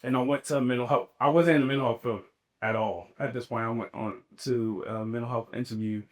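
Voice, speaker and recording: A man co-hosting a podcast, candidly telling his own story in a relaxed, slangy way. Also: medium pitch, fairly quick. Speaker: podcast co-host. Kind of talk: casual conversation.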